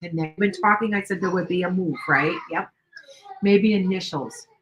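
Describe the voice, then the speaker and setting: A woman's voice: lowish voice, normal speed, slight background noise, low-quality recording. An older woman hosting a tarot livestream, chatting casually in a rambling way with many restarts. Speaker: tarot reader livestream host.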